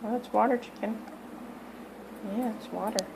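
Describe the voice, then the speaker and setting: A woman's voice: a little high, fairly even intonation, moderate pace, gravelly, noisy background. A woman at home talking to her pet parrots and narrating, often cooing in baby talk to them. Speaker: pet vlogger.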